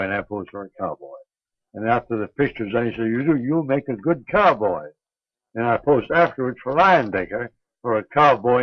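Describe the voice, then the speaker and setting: An older man being interviewed, telling a long anecdote in a halting, unhurried way with many pauses and restarts. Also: mid-range voice, dry recording. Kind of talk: reminiscing anecdote. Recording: dull lo-fi 1950s archive recording.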